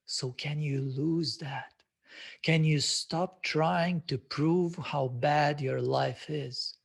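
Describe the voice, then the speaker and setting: A man's voice: on the high side, fairly even intonation, very slow, gravelly, breathy edge. A man hosting a self-development webinar, speaking reflectively with many hesitant filler sounds. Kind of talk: live webinar talk.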